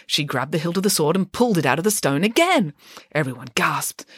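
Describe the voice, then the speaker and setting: A woman reading a comic storybook aloud in an expressive, lively way. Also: low voice, a little fast, slightly rough, no echo, clean studio sound.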